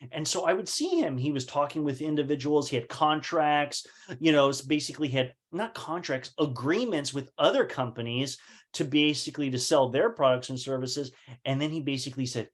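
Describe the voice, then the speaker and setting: A man's voice: mid-range voice, fairly quick. A man telling his own business story in a casual motivational talk, acting out past conversations with fillers and rhetorical questions.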